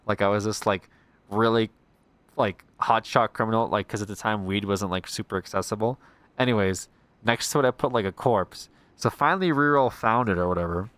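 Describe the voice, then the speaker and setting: A man's voice: fairly low pitch, a little fast, fairly bright tone, dry recording. A young man, a streamer, chatting casually in a rambling way, swearing freely. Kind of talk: casual chat.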